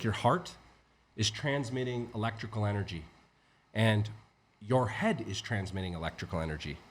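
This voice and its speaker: Brief: a male entrepreneur guest with an ordinary mid-range voice, lively and profane, explaining ideas conversationally. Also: mid-range voice. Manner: animated, profane, acts out inner voices. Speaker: podcast guest, entrepreneur and coach. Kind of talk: conversational teaching.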